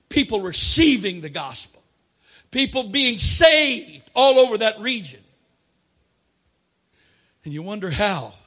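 A man preaching a sermon, swinging between loud emphatic declarations and quiet asides. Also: high voice, husky.

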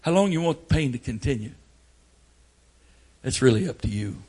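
An older man preaching a sermon, telling folksy family stories and breaking into loud outbursts. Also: mid-range voice, animated, moderate pace, slightly rough. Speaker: pastor.

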